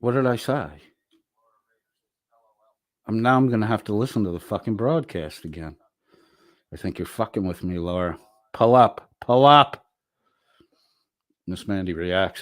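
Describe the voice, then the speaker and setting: A man's voice: deep voice, steady tone, moderate pace, long pauses, no room sound, clean studio sound. A man hosting a livestream, reading viewer comments aloud with profane, wisecracking asides. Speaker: livestream host reading chat.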